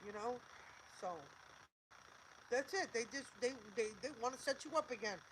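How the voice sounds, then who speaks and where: A woman's voice: a little high, moderate pace, background noise. An older woman hosting a livestream, talking emphatically and repeating herself, swearing and preaching encouragement. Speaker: livestream host. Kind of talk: emotional livestream monologue.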